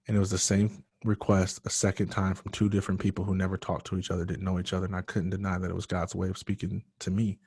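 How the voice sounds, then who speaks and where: A man with a very low voice tells his own story as a podcast guest, earnest and emotional. The sound is dry and close, with no room around it. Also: completely flat delivery, quick pace, few pauses, a little mellow, slightly rough, no echo. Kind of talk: personal storytelling in a podcast interview.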